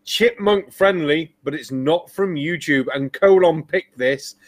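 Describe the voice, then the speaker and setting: A man's voice: fairly high pitch, unhurried. A man hosting a casual group chat about videos, mocking and swearing freely. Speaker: show host.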